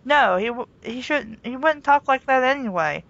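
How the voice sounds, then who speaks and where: A woman's voice: high voice, lively intonation, moderate pace, fairly bright tone, no echo, dull audio. A woman reading a story aloud for laughs, giggling and poking fun at herself between lines. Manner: giggly, self-mocking. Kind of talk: comedic reading with banter.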